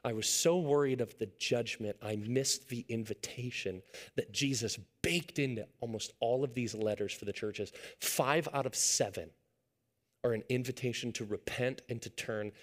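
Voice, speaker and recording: A man in his thirties preaching a sermon as a pastor, telling a family story and swinging from hushed, intimate lines to loud, excited retelling. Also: mid-range voice, moderate pace.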